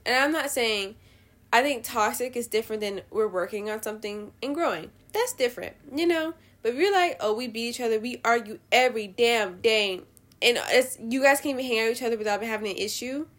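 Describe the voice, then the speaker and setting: A woman hosting a show, giving blunt, profane opinions in a casual, animated rant. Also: a little high, fairly quick. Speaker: podcast host.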